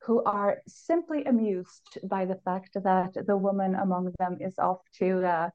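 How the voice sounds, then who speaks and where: A woman who is not a native English speaker, chatting casually and enthusiastically on a podcast, laughing often and jumping up in pitch when excited. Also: measured pace. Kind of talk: casual chat. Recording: dull lo-fi recording.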